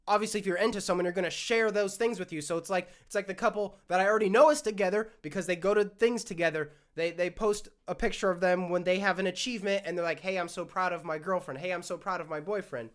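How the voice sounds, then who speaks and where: A man's voice: high-pitched, quick pace. Ranting man with a scratchy throat. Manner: worked-up, ranting, swears often. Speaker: podcast host. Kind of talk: solo ranting monologue.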